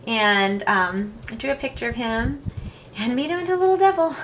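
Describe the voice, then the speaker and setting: A woman's voice: on the high side, a little fast, a bit bright, slight background noise. Chatty, giggly woman showing crafts. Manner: chatty, giggly and self-deprecating. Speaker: craft vlogger. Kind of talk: casual chat. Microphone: camera mic.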